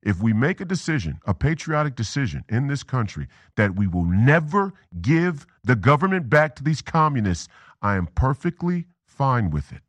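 A man's voice: medium pitch, sing-song, normal speed, no room sound. A man hosting a political talk show, delivering a rambling commentary monologue, repeating and restarting words and drifting into tangents. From Minnesota.

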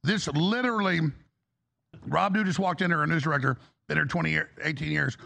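Male talk show host, high husky gravelly voice, excitable, bright. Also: fairly quick.

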